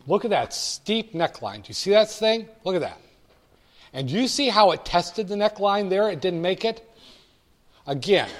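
A man's voice: high voice, darkish tone. A man giving a casual, chatty walkthrough of stock charts, with wry asides and frequent restarts. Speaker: stock market commentator. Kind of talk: casual screen-share market walkthrough.

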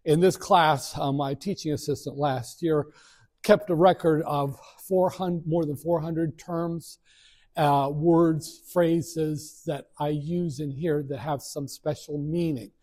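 A man's voice: on the high side, fairly even intonation, slow, darkish tone. A middle-aged man lecturing a college class, talking frankly and rambling with many fillers and restarts. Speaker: college finance instructor. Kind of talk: first-day classroom lecture.

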